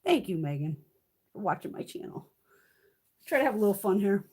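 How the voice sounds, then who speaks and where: A woman's voice: medium pitch, big pitch swings, fairly quick, darkish tone, slightly rough. A woman in her fifties chatting casually on a live stream, rambling, swearing freely and laughing often. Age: 50s. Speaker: beauty vlogger hosting a live stream.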